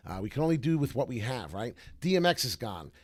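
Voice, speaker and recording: A man's voice: medium pitch, big pitch swings, fast, a crowd in the background. A man streaming crypto chart talk in a brash, slangy, rambling way with many filler uhs. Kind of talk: casual live commentary.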